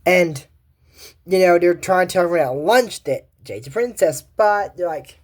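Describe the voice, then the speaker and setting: Animated rambling commentator, lively pitch. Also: normal speed. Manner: rambling, animated, frequent asides and restarts. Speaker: cartoon recap commentator.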